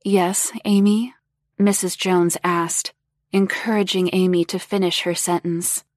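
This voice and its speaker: Slow, low-voiced woman narrating a story. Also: no room sound, studio quality. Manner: slow, even, unhurried reading.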